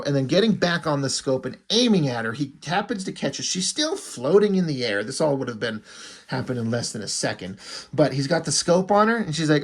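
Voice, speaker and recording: A man reviewing a comic book in casual commentary, irreverent and wry, with frequent swearing. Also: on the high side.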